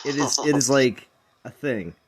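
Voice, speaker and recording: A man's voice: medium pitch, moderate pace, slight background noise. A man hosting a casual game stream, chatting and teasing his friends on voice chat and talking through his game progress.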